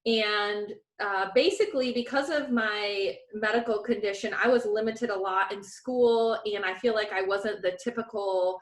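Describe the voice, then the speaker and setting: A medium-pitched woman speaks at a moderate pace with few pauses, sounding roomy. As a podcast co-host in casual chat, she tells an animated story and acts out the quoted lines.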